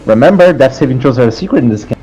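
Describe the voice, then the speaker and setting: A man's voice: mid-range voice, lively intonation, rapid-fire, mellow, muffled recording, faint music behind. A man acting as game master, casually directing players in a tabletop game.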